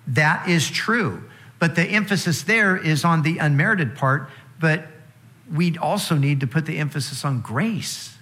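A male pastor preaching in a slow, measured cadence. His voice sits a little high for a man, and he builds his points through repeated phrases. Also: a bit bright. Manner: restarts and repeats words. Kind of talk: sermon.

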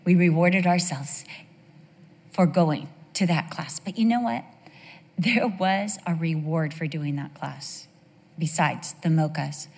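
A woman's voice: low-pitched, takes it slowly, a little mellow. Chatty woman preaching in a hall. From United States. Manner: chatty, storytelling, asks the audience questions. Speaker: women's devotional speaker. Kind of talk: sermon with personal stories. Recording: long reverb of a large hall.

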